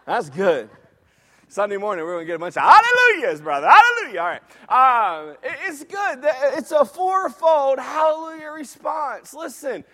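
A high-voiced man preaching in a church, his words ringing out through a long, reverberant hall. He moves from quiet, deliberate teaching to loud, shouted exhortation. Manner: preaching with rising intensity and occasional shouts. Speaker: pastor. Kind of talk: sermon.

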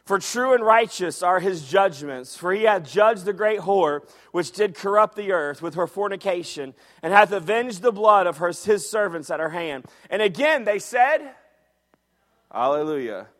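High-voiced preaching man in a reverberant hall. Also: expressive, moderate pace. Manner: preaching with rising intensity and occasional shouts. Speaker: pastor. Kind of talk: sermon.

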